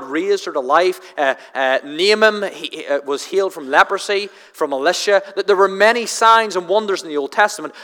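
A man preaches a sermon in a bright, forceful voice, earnest and explanatory, often tripping over and repeating his words. His voice rings with a long reverb, as if in a large hall. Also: sits high. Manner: earnest, halting with frequent restarts and stammered repeats.

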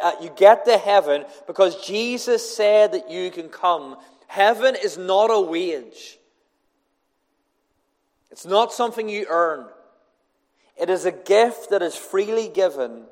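An earnest man preaching an evangelistic sermon in a church, hammering home points by repeating them. His voice sits a little high for a man and carries a long hall reverb. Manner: earnest, emphatic, with repetition.

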